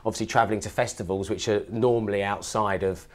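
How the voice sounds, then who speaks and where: A man's voice: on the low side, steady tone, fast talker. A man, a music guest telling jokey, rambling stories in a TV studio chat. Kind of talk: casual TV chat.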